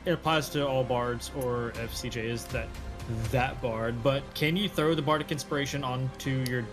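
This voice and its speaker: A man playing a tabletop game, describing his moves in a relaxed, halting way. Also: mid-range voice, music in the background. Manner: relaxed, hesitant, lots of fillers. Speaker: player. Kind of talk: casual tabletop game play.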